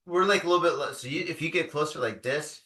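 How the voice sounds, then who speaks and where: Quippy podcast co-host, high bright voice, echoey room. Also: male voice, fast talker. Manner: wisecracking interjections. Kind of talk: casual podcast banter.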